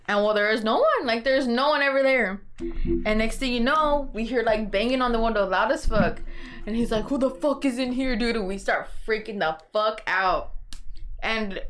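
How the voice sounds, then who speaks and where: A woman's voice: medium pitch, a bit bright, a little hiss or hum. Young woman telling a story casually. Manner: casual storytelling, heavy swearing, says "dude". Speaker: podcast co-host. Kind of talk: casual chat.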